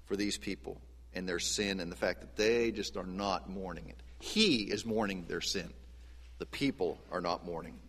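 A man preaching a sermon as pastor, animated, his voice swinging from soft and low to loud and high. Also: big-room sound. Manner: animated preaching with wide swings of pitch and loudness.

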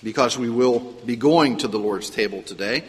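A male pastor giving a conversational sermon, telling stories with lively asides. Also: medium pitch, normal speed, husky, long reverb tail.

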